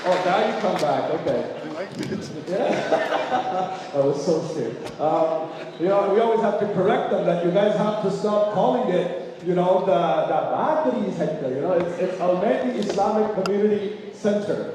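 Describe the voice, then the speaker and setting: A man's voice: high-pitched, expressive, moderate pace, crowd noise, background noise. Chatty emcee man in a hall. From Canada. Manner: chatty, self-deprecating, frequent "you know". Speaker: gala emcee. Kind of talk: event hosting with personal anecdotes. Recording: echoey banquet hall, distant mic.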